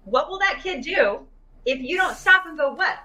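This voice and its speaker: A woman's voice: sits high, expressive, moderate pace, sharp tone, poor audio. A woman in a casual conversation about emotional healing, chatty, with many fillers and restarts, speaking over a video call.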